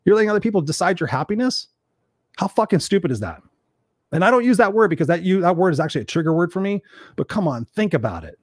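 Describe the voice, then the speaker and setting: A man's voice: high voice, very animated, quick pace, slightly rough, no echo. A man in his forties giving a fiery, profane motivational talk as a livestream host.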